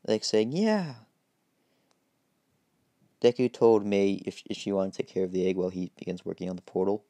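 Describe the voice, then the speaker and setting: Gravelly man rambling through a story. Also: low voice, fairly even intonation, fast talker, dark tone, no room sound. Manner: rambling, hesitant, many fillers. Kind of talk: improvised game story narration.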